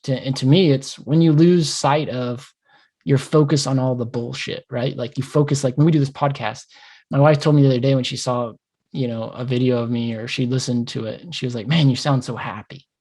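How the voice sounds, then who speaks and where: A man's voice: medium pitch, steady tone, brisk, mellow. Passionate, swearing podcast co-host, male. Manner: passionate rambling rant with swearing; acts out his own thoughts in quoted asides. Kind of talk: casual podcast chat.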